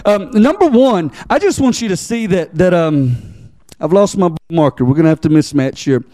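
Male pastor with a high voice and a dry, close sound, preaching in a chatty way that keeps asking the congregation "right?". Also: lively intonation, moderate pace, warm tone, no echo. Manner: conversational preaching, frequent "right?" and "amen?" asides to the congregation; repeats words as he restarts sentences. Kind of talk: sermon.

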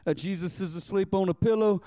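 A man preaching a sermon as pastor. He reads scripture in old-fashioned wording, calls on the congregation to answer back, and slows down to stress key phrases. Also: high-pitched, warm tone, dry recording.

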